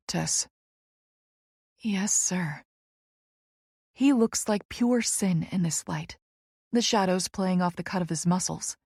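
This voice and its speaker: A woman narrating a first-person romance audiobook in a slow, hushed, intimate way. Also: on the low side, slightly rough, no echo, studio quality.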